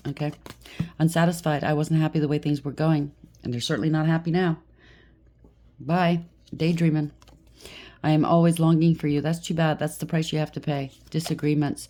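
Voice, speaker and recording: A woman's voice: deep voice, darkish tone. A woman giving a tarot reading in a blunt, heated way, often checking in with "okay?". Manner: blunt, heated, talks to the listener with frequent "okay?". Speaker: tarot reader.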